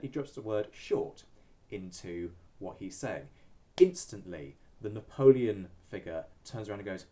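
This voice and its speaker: Low, mellow-voiced male historian. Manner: measured, explanatory, with frequent ums. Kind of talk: expert commentary.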